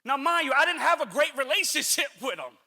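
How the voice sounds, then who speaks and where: Middle-aged male motivational speaker, earnest storyteller, very bright tense tone, reverberant hall. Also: extremely high pitch, animated, a little fast. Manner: earnest, conversational, repeats phrases for emphasis. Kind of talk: motivational talk, personal story.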